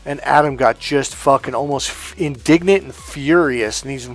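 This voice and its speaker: A man's voice: mid-range voice, moderate pace, soft background music. A man coaching on dating, telling a story in a casual monologue, swearing bluntly and acting out what people said. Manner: blunt and profane, swearing often; animated, acting out quotes from a story.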